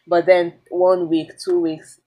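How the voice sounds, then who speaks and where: A woman's voice: on the low side, flat delivery, takes it slowly, highs cut off. A young woman with a Nigerian accent telling a personal story in a casual vlog, candid and confiding, with plenty of fillers and restarts. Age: young adult. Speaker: vlogger.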